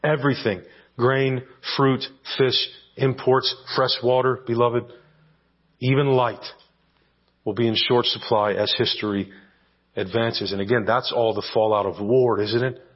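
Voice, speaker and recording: A man's voice: medium pitch, steady tone, unhurried, dull audio. A man preaching an expository sermon as pastor, teaching verse by verse and checking in with his listeners with rhetorical questions.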